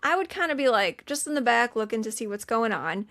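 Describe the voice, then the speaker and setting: A woman's voice: on the high side, animated, a little fast, fairly bright tone. A young woman co-hosting a movie rewatch podcast, retelling the plot in chatty, indignant casual talk with free swearing. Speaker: podcast co-host. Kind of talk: casual movie recap chat.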